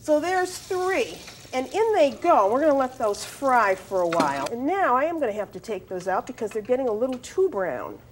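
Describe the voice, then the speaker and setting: Lively, high-pitched older woman cooking host. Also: moderate pace, few pauses, slight background noise. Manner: chatty, step-by-step, addresses viewer directly. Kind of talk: cooking demonstration. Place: studio kitchen.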